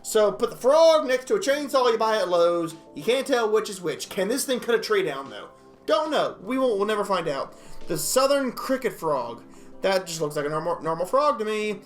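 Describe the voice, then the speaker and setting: A man reacting to animal clips in a jokey, excitable way, reading facts aloud, often laughing and stumbling over words. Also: sits high, normal speed, faint music behind. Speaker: video reactor.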